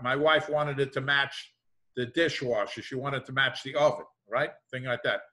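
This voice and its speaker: Bright-voiced middle-aged man lecturing on a call. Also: mid-range voice, fairly even intonation, moderate pace. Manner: conversational, repeats "thing like that", worked examples. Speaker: business professor. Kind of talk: lecturing over a video call. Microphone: video call.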